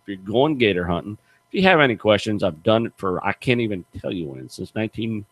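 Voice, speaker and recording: Middle-aged male radio host, animated folksy storyteller, very expressive pitch, dry close sound. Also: fairly quick, no room sound. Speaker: radio show host, gator hunter. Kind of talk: casual radio chat, storytelling.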